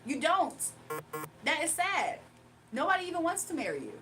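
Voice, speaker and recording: A woman's voice: sits high, big pitch swings, moderate pace, pushed and bright, soft background music, rough recording. A woman hosting a livestream with a faint foreign accent, talking back to her chat in a sassy, casual way. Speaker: livestream host.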